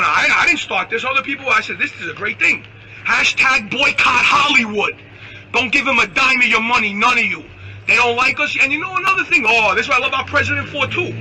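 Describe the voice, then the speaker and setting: A man's voice: very high-pitched, a little hiss or hum, low-quality recording. A man delivering a brash, insulting political rant. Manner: brash, loud, insulting, animated ranting. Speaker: political commentator in a clip. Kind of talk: ranting political monologue.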